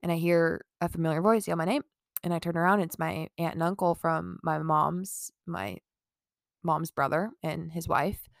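Gravelly low-voiced young woman rambling. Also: fairly even intonation, normal speed, dry recording, clean studio sound. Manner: rambling, full of "like" fillers and swearing, laughs between lines. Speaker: vlogger. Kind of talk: casual storytime.

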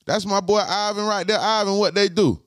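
A man hosting a podcast, talking to his live chat in a slangy, profane way and repeating his points slowly. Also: sits high, no room sound, studio quality. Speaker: podcast host. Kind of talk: casual live-stream chat.

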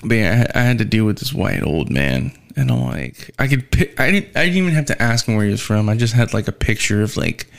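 A man's voice: fairly low pitch, very animated, fairly quick, vocal fry, few pauses. A man working as a delivery driver tells a casual, rambling storytime rant, swearing heavily and sounding weary and fed up. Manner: profane and rambling, heavy swearing.

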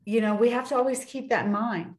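A woman's voice: on the high side, brisk. A woman guest in casual conversation, telling personal stories earnestly and acting out the people she quotes. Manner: earnest storyteller, acts out quoted voices. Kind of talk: casual faith-tinged chat. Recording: roomy echo.

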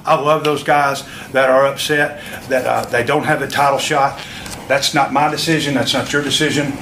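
A man with a drawl gives a young wrestler a pep talk, emphatic and circling back on himself. He sits some way off the mic in an echoey room with a lot of noise around him. His pitch sits in the middle. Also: little pitch movement, moderate pace, fairly bright tone. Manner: rambling, emphatic, repeats himself. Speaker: veteran wrestler coaching a young wrestler. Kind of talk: motivational pep talk from a promo video. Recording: echoey, distant, noisy room.

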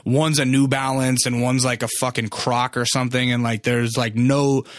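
A man's voice: mid-range voice, little pitch movement, moderate pace, no room sound, clean studio sound. A young man casually telling a long story, rambling and cursing freely, with lots of filler words. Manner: rambling, profane, filler-heavy.

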